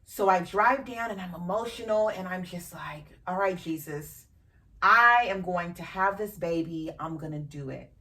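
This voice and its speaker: Her voice fairly low, pushed, and bright, a woman hosting a podcast speaks at a moderate pace about something deeply personal. She's candid and emotional, with casual swearing, and her distance from the mic makes her sound a little far off.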